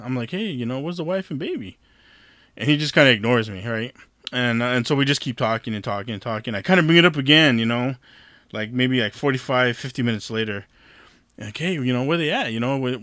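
A man's voice: medium pitch, a bit bright, no echo, studio quality. A man telling a rambling story in casual chat, swearing and restarting his sentences with lots of fillers.

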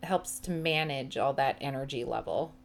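Casting: low-pitched woman, relaxed and hesitant, podcast chat. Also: normal speed, creaky, a little hiss or hum. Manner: relaxed, many ums and hesitations. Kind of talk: casual chat.

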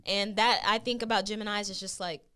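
A woman co-hosting a podcast in casual chat, blunt and profane, telling stories with animated asides. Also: mid-range voice, fairly quick, smooth. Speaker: podcast co-host.

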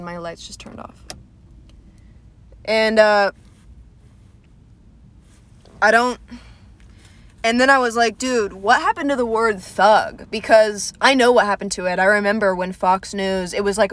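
A young woman from Atlanta, a comedian hosting her own podcast, rambles in a casual, self-deprecating way and swears freely. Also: mid-range voice. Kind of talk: casual solo podcast monologue. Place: small room at home, lights went out.

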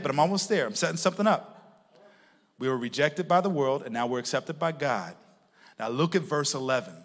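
A male pastor preaching a sermon to his congregation, moving from hushed asides to loud shouted peaks, with playful laughing remarks. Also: medium pitch. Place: church sanctuary with a congregation. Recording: long reverb of a large church hall.

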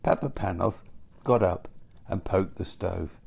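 A man narrating a storybook in a gentle, unhurried way. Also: sits low, gravelly, slightly rough.

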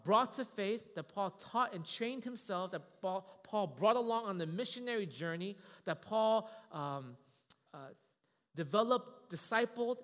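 A man's voice: high-pitched, big-room sound. A man preaching as associate pastor in a church, talking in a casual, friendly way with frequent restarts. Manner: casual, warm-hearted preaching with many restarts. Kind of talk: sermon. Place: church sanctuary.

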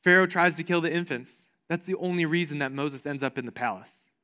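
A man preaches a sermon with earnest conviction, his voice sitting a little high for a man. He repeats key phrases and sinks into a low, soft tone when he speaks reassurance. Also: fairly quick. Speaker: pastor.

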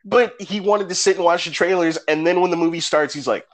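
A man co-hosting a casual podcast chat, telling stories with swearing and jumping up high when he acts out what people said. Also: fairly quick. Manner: animated storyteller, acts out quoted people with big pitch jumps. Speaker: podcast co-host.

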